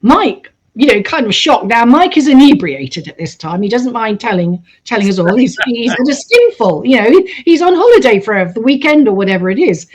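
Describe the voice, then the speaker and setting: Animated woman telling a true story. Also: on the high side, fairly quick, hardly any pauses. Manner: animated, acts out quoted voices. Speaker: storyteller host. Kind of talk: casual storytelling.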